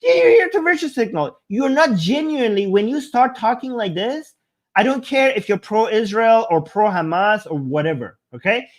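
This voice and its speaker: A political commentator talks back at a debate clip in an argumentative, emphatic way. The speaker fires off rhetorical questions and mocks the other side. The voice sits at a middling pitch. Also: big pitch swings, moderate pace. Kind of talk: reaction commentary.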